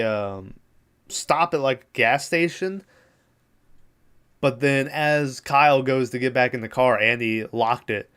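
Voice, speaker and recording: A man's voice: mid-range voice, fairly bright tone, clean tone. Rambling young man recapping a show. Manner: rambling, lots of fillers and swearing. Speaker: podcast host.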